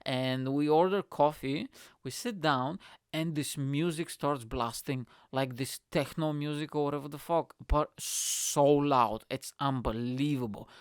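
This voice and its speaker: A man's voice: on the high side, smooth, no echo, studio quality. A tired man hosting his podcast, telling a story in a casual, swearing, matey way. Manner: profane, animated, says "mate" a lot. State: tired, yawning. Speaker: podcast host.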